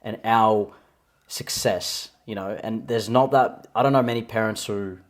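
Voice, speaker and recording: A man's voice: on the low side, steady tone, measured pace. A young man co-hosting a podcast, talking candidly in casual chat with many restarts. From Australia. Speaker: podcast co-host.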